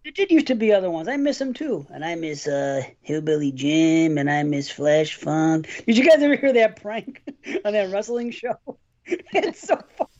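A man's voice: fairly high pitch, animated, moderate pace, darkish tone, dull audio. A man hosting a podcast in casual chat, rambling through stories, swearing casually and laughing often. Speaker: podcast host.

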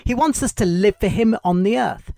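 A devotional podcast host telling a story for children in a gentle, clear way. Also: mid-range voice, normal speed, dry recording, studio quality.

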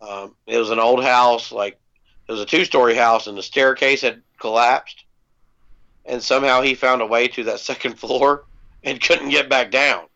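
A man with a gravelly, low-fried voice at an ordinary pitch spins a rambling anecdote in an easygoing, profane way, dotted with ums. The audio is dull and lo-fi, like a home podcast recording. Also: steady tone, moderate pace, pushed and bright. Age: adult parent. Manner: laid-back, swears freely, many ums. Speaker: podcast co-host. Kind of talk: casual storytelling chat.

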